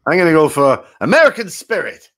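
A man's voice: fairly high pitch, sing-song, fairly quick, a bit bright. A man doing a jovial old dead game-show host. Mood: chummy. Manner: chummy, rambling, self-mocking banter. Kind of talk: comic improvised game show.

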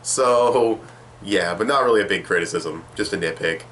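A man's voice: lowish voice, normal speed, a bit bright, slight background noise. A young man giving a rambling, sarcastic manga chapter review, swearing casually.

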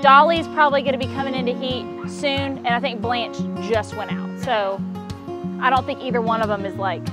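A woman's voice: a little high, fairly even intonation, a little fast. A woman chatting casually in a farm vlog, gushing and laughing often, outdoors in a pasture. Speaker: vlogger on a donkey farm. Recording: roomy sound with guitar music behind.

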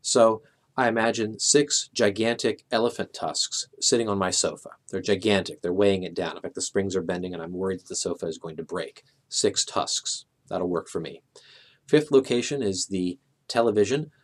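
A middle-aged man with a somewhat low voice teaches a memory method. He talks calmly and methodically, stepping through examples one by one with an occasional "uh". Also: a little fast. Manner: calm, methodical, a few filler "uh"s. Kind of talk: explaining with walk-through examples.

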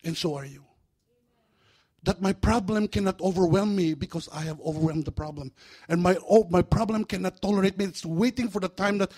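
Animated, humorous preaching man. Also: high-pitched, brisk, breathy edge. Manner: animated, humorous, acts out voices. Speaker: pastor. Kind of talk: sermon. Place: church.

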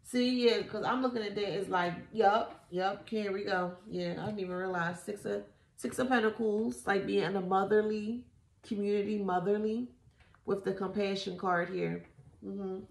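A woman giving a casual tarot reading, animated and slangy, swearing often and repeating herself. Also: mid-range voice, normal speed, vocal fry, roomy sound. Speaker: tarot reader.

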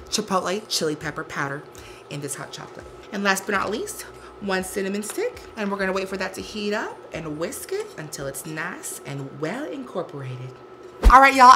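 A man playing a bright, sassy cooking-show hostess. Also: high voice, a little hiss or hum, heavily acted. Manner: cheery and campy, says "y'all" often. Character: sassy bubbly woman hosting a holiday cooking show. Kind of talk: campy cooking demonstration.

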